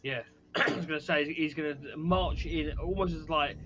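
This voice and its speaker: Relaxed joking man playing a tabletop game. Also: on the high side, normal speed, noisy background. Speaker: player. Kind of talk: casual tabletop game chat.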